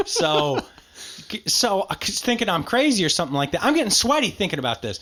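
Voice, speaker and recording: A man co-hosting a podcast, telling a story with lots of swearing and big swings in pitch. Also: fairly quick. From rural area. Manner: animated storyteller, swears freely, jumpy pitch. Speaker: podcast co-host. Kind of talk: casual podcast chat.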